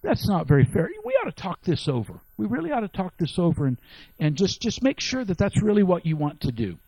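A friendly, persuasive talking bear, as a preacher puts him on, with a high, coaxing voice. He sounds reasonable and eager to talk things over. The recording is close and dry. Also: huge pitch swings, fairly quick, warm tone, no room sound, heavily acted, low-quality recording.

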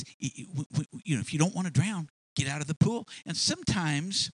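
A man's voice: a little high, expressive, fairly quick, slightly rough, no room sound. A man preaching a sermon in a folksy, repetitive way, stumbling over words and acting out little scenes. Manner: folksy, repetitive, acts out voices for illustration.

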